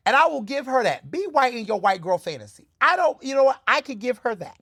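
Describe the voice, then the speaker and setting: A young male podcast host riffs on his own in a casual, sassy way and keeps talking straight to his listeners. His pitch jumps up and down as he makes his points. The sound is dry and close, with no room around it. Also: fairly quick, slightly rough, no echo. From Philadelphia, USA. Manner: animated, sassy, conversational, addresses listeners as "y'all". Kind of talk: casual solo commentary.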